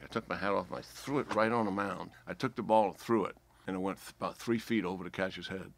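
A man's voice: sits low, fairly quick, creaky, few pauses. A man in his seventies with a New York accent, a guest telling a long anecdote and acting out the dialogue. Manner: animated storyteller acting out dialogue. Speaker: retired general, guest.

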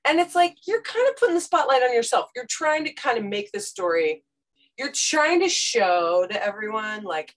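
A woman's voice: fairly high pitch, normal speed. A woman, a podcast host telling stories on a panel and acting out quotes with casual fillers. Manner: lively storytelling, acts out quotes, casual fillers. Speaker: podcast host and former radio correspondent, interview guest. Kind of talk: animated panel conversation.

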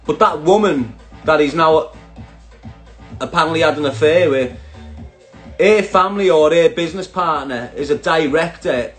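A Scouse man rants casually to viewers in a fairly high voice, swearing freely and mocking people as he goes. Faint music runs in the background. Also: normal speed, long pauses, a bit bright. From Liverpool, England. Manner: sweary, mocking, laughs at his own jokes. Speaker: online commentator.

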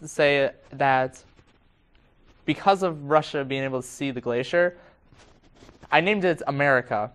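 A young person improvising a parody of a rambling talk-show host in a silly home-made skit. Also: mid-range voice. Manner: slow, rambling, deadpan.

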